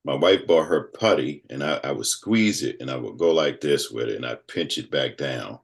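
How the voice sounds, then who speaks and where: A man in his fifties, a guest telling a personal story in casual conversation, animated and acting out other people's voices. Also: rumbling low, moderate pace, gravelly. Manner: animated storyteller who acts out quoted voices.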